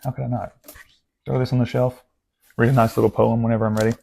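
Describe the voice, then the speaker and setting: A young man in a relaxed book-haul vlog, his voice sitting at an ordinary middle pitch. He rambles, drifts into asides and trips over restarts. His tone stays self-deprecating and conversational throughout. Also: fast, vocal fry. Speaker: book vlogger. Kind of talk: casual chatty book haul.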